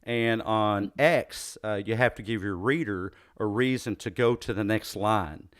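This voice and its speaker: A man's voice: on the low side, steady tone, a little slow. A man with a Southern US accent hosting an interview, often hesitating and restarting his phrases. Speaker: podcast host. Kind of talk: interview conversation.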